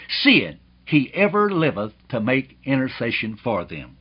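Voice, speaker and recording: A man's voice: medium pitch, very animated, a little slow, few pauses, breathy edge. A man preaching a sermon in an emphatic, rhetorical way, often calling his listeners beloved. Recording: dull lo-fi old recording.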